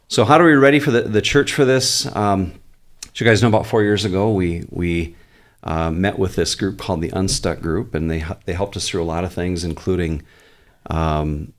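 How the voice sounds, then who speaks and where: A male pastor with a notably low voice talks in a relaxed podcast interview. He thinks aloud and explains at length, often circling back to restart his points, keeping an earnest, conversational tone with some easy humor.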